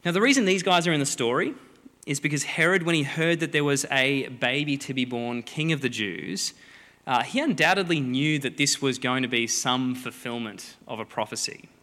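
Lively preacher in a reverberant hall. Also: male voice, mid-range voice, moderate pace. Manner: lively, joking storyteller voicing characters. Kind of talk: sermon.

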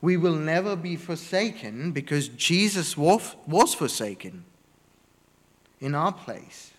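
A man preaching a sermon, slow and deliberate, stressing words one by one in emphatic lists. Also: fairly high pitch, animated, big-room sound.

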